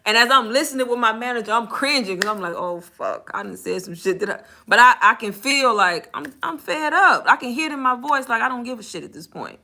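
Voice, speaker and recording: A woman's voice: on the high side, lively intonation, fast, few pauses, pushed and bright. A woman casually telling a story about her call center job, frank and exasperated, acting out the conversations. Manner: candid and exasperated, acts out dialogue; frank with swearing and casual slang.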